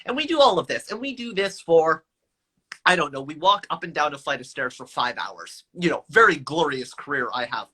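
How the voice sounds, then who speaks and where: Bright, energetic young man telling a story. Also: moderate pace, breathy edge, rough recording. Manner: energetic, acts out quoted lines in higher voices. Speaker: actor guest. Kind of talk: animated storytelling in an interview.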